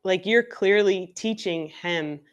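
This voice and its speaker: A woman on a group video call talking her thoughts through haltingly, full of filler likes. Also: medium pitch, lo-fi sound. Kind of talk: casual chat.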